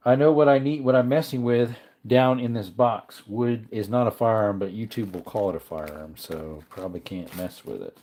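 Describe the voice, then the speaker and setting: A man's voice: fairly low pitch, normal speed, hardly any pauses, a little mellow. A man casually chatting on a livestream, reading comments aloud while tinkering with parts. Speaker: livestream host.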